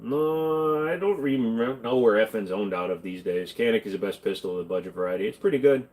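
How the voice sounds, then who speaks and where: A man's voice: on the low side, fast, darkish tone. Offhand, jokey male livestream host. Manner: jokey, offhand, reads and answers chat. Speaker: streamer answering chat questions. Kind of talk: casual livestream Q&A.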